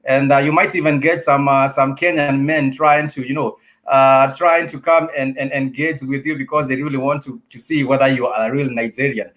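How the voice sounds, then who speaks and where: A man's voice: mid-range voice, fairly even intonation, normal speed, fairly bright tone. A man hosting a studio interview show, rambling through questions with many fillers. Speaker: talk show host.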